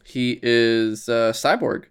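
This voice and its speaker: Male podcast co-host, eager fact-lister, halting casual delivery. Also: mid-range voice, clean tone. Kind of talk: casual chat.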